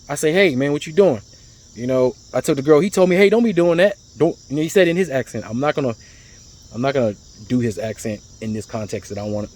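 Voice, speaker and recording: A man, talking in a rambling, casual storytelling monologue, repeating words and getting animated as he tells his stories. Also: on the high side. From United States. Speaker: vlogger.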